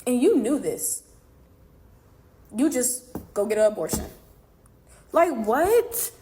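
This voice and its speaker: A woman's voice: fairly high pitch, big pitch swings, slow pace, warm tone, slight background noise. A woman telling a personal story in casual chat, animatedly acting out past conversations and speaking straight to her viewers. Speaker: boxer telling her side of a falling-out.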